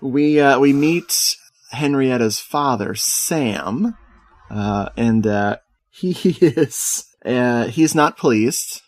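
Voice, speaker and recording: A man's voice: medium pitch, expressive, extremely slow, no echo. A man co-hosting a casual movie podcast, talking in a joking, sardonic way. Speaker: podcast co-host. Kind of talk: casual movie review chat.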